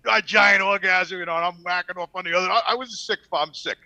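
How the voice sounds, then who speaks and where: A man on a casual podcast telling a profane, animated story and acting out the quoted dialogue. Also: high voice, fast talker, creaky, dull audio.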